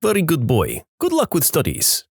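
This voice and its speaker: A man's voice: on the high side, wildly swooping pitch, normal speed, creaky, breathy edge, dry recording, studio quality, pitched above the performer's own voice, full character voice. A man doing a kind old Russian grandma.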